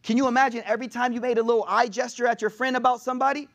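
A man preaching with a high voice at a fast clip. He speaks in a casual, slangy way, reciting Arabic lines and then translating them for his listeners. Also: flat delivery, gravelly. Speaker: Islamic preacher. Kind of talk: sermon.

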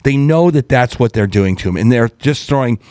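A man co-hosting a casual political talk show, animated and rambling as he riffs on the news. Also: a little fast, no echo. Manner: animated, rambling, drops into a mock deep voice for quotes. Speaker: co-host. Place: small studio with a window.

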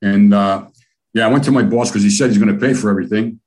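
A man's voice: lowish voice, fast. An older man from the United States telling long, profane, rambling stories as an interview guest. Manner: profane, rambling, animated storyteller. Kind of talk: casual storytelling interview.

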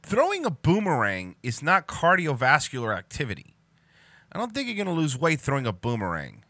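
A man's voice: a little high, wildly swooping pitch, brisk, sharp tone, no room sound. A man ranting sarcastically and swearing a lot as he reacts to a video for comedy. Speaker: reaction commentator. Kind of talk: profane comedic reaction commentary.

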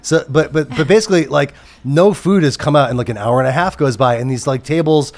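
Male producer telling a story on a talk show, slightly high voice, rambling, frequent restarts, curses a lot. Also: fairly quick. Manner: rambling, many restarts and fillers, swears freely. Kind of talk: casual storytelling chat.

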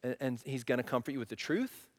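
A man's voice: medium pitch, animated, quick pace. Man preaching in a reverberant hall. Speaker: pastor. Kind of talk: sermon.

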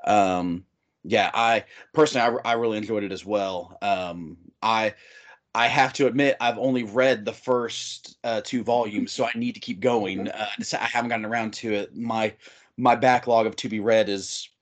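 A man's voice: lowish voice, steady tone, normal speed. A man hosting a casual interview, rambling and restarting his sentences. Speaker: podcast host.

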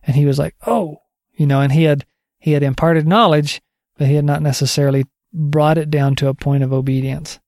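A man's voice: fairly high pitch, little pitch movement, fairly quick, darkish tone, no room sound, studio quality. A man giving a casual spoken teaching update on discipling others, conversational and digressive, thinking aloud as he goes.

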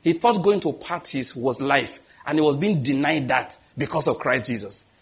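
A man's voice: mid-range voice, expressive, normal speed, breathy edge. A middle-aged man with a Nigerian accent preaching a sermon, telling stories, acting out the dialogue and laughing at his own jokes. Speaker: pastor.

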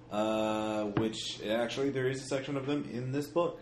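A man's voice: medium pitch, fairly even intonation, normal speed, hardly any pauses, a little mellow. A man narrating a tabletop horror game as game master, hesitant, with many fillers and idle humming. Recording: echoey room with faint noise.

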